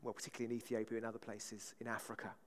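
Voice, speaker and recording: A man preaching a conversational sermon, often checking in with the congregation with a quick "right?". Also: lowish voice, flat delivery, in a large hall.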